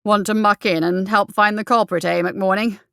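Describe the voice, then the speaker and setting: Woman doing a blustering short male officer, brisk and self-important; storybook reading. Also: mid-range voice, steady tone, vocal fry, fairly bright tone, clear, resonant tone, dry recording, studio quality. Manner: brisk, pompous, clipped.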